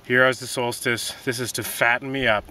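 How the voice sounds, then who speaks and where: Man, gardening demo, bright tone, unhurried folksy talk, vegetable garden outside, mic off at a distance. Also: mid-range voice. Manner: relaxed, folksy, reflective with fillers. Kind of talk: outdoor gardening demonstration. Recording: distant outdoor mic, faint noise.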